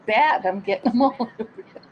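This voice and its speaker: A woman's voice: on the high side, expressive, quick pace, highs cut off, slight background noise. A woman playing trivia on a live stream, chatty and giggly in casual talk. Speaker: trivia player.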